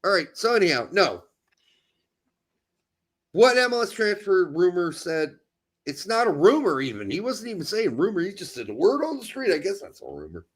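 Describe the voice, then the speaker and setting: A man with a high, swooping voice holds forth in a heated soccer chat. He rants and mocks in sarcastic bursts, and his pitch leaps all over the place. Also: moderate pace, breathy edge. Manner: animated, ranting, sarcastic mimicry. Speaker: podcast co-host.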